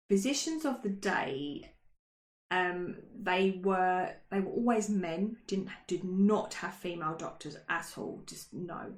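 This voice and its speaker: A woman co-hosting a casual history chat, chatty and self-mocking, with frequent ums. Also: mid-range voice. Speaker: podcast co-host. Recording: roomy echo.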